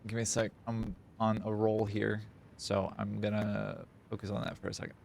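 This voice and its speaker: A man streaming a game live, chatting casually in an excitable, self-mocking and sarcastic way. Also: on the low side, normal speed, vocal fry, a little hiss or hum. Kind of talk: live gameplay stream chat.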